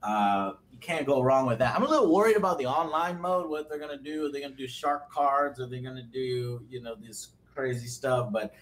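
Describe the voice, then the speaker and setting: A man's voice: medium pitch, a little fast, hardly any pauses, slight background noise. A man from Texas, a guest on a casual livestream, telling stories with energy and acting out what people said. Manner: animated storyteller who acts out quotes.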